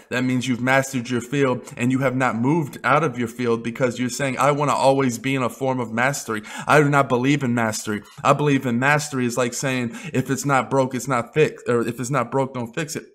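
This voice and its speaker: A young man giving an unscripted motivational rant as a vlogger, blunt and full of swearing. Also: mid-range voice. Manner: blunt, profane, emphatic.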